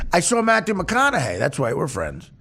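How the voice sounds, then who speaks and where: Podcast host guy, gravelly voice, swings way up and down, foul-mouthed rambling jokes. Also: on the high side, moderate pace, heavy background noise. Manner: crude, profane, joking with deadpan asides. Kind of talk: casual rambling monologue.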